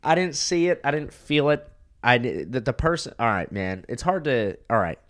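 A man who is a comedian, a podcast guest telling blunt, crude dating stories in a deadpan way. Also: medium pitch, moderate pace. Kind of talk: casual chat.

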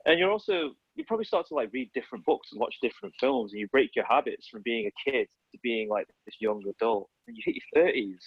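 A man's voice: mid-range voice, big pitch swings, quick pace, few pauses, husky, dry recording, lo-fi sound. A man in his thirties, an illustrator, chatting casually in a podcast and rambling with many fillers and self-corrections. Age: 30s.

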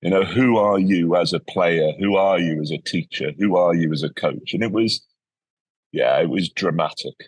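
A man tells stories as a guest in a relaxed interview. His voice is low and a bit husky. He acts out the people he quotes, and the recording is dry with little room sound. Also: moderate pace, dry recording. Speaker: educator guest. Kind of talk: casual interview storytelling.

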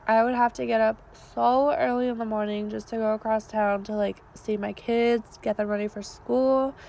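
A woman in her thirties tells a rambling story on a casual podcast, packing her speech with fillers. Her voice sits fairly high, but it is raspy and gravelly, and she is losing it. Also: steady tone, moderate pace, darkish tone, slight background noise. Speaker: podcast co-host.

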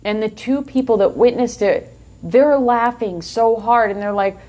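An older woman, co-hosting a podcast and telling a long story in a lively, animated way, often laughing. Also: a little high, unhurried. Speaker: podcast co-host. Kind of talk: casual storytelling chat.

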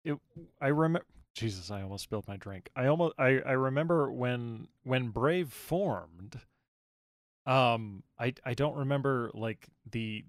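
A man's voice: medium pitch, no room sound, clean studio sound. A man co-hosting a casual chat, reminiscing in a laid-back way. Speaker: co-host.

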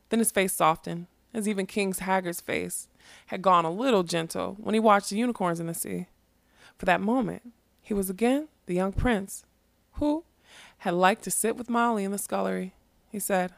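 Gravelly woman reading a fantasy novel. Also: medium pitch, steady tone, dry recording. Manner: unhurried, lyrical storytelling. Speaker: reader.

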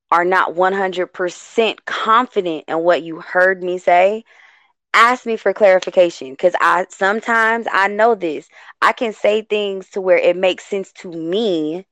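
A woman from the West Coast hosts a loose, chatty talk in a slightly low voice, rambling and self-interrupting as she goes. She gets animated and quick when she's excited. The recording is dry and close. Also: no room sound. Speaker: host. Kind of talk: casual talk show chat.

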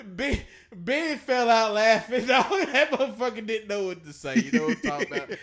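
A man's voice: very high-pitched, animated, normal speed, fairly bright tone. A man co-hosting a podcast, telling stories in a casual, profane way and laughing through them. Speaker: podcast co-host. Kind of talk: casual storytelling chat.

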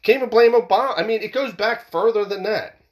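A man's voice: high voice, fast talker. A man ranting heatedly, swearing often and repeating himself as he works up his argument. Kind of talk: political rant monologue.

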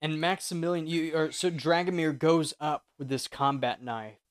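A man narrating and running a tabletop horror game as game master, in a measured, deliberate way. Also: fairly high pitch, steady tone, smooth, dry recording, clean studio sound.

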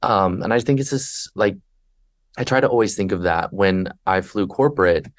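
Lively low-voiced man telling stories. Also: normal speed. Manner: animated storyteller who acts out passengers and himself. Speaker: podcast guest, flight attendant. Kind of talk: conversational podcast interview.

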